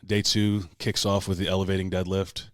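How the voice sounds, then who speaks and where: A man with a low, deep voice tells a story in casual podcast chat, swearing freely and shouting out the lines he said back then. The sound is dry and close, with no room echo. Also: level tone, a little fast. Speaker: podcast host.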